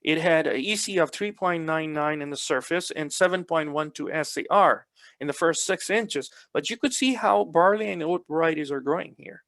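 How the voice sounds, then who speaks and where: A man with a fairly high voice delivers a lecture, walking listeners through field results with patient explanation and repeated words for emphasis. The recording is dry and close, with no room sound. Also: moderate pace, a bit bright, no room sound. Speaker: soil health extension specialist. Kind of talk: presentation lecture.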